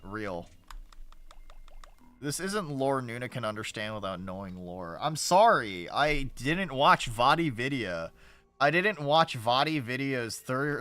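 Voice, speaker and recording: A man's voice: medium pitch, pushed and bright. A male streamer giving casual, rambling gameplay commentary, sarcastic and swearing often.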